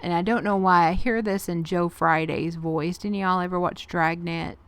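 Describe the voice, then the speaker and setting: A woman's voice: on the low side, steady tone, normal speed, few pauses, no room sound. A woman, chatting folksily through her art journal pages as a craft vlogger and laughing often. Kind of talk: casual craft narration.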